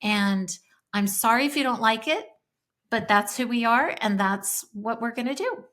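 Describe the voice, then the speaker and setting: A woman's voice: a little high, expressive, moderate pace, a bit bright. A middle-aged woman co-hosting a faith-based parenting podcast, talking in an earnest, emotional, casual way. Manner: earnest, emotional, speaks of crying easily. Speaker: podcast co-host.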